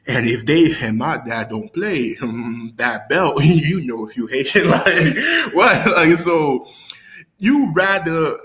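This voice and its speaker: A man's voice: slow, low-quality recording. Slangy young man telling a rambling story. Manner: loose and rambling, slangy, with many fillers and restarts; animated, jumps high when acting out scenes. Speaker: YouTuber telling a story to viewers. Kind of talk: casual storytime vlog.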